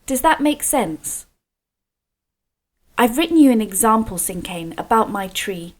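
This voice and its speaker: A woman from Scotland leading a creative writing video workshop for children, explaining slowly and clearly with encouragement. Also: fairly high pitch, big pitch swings.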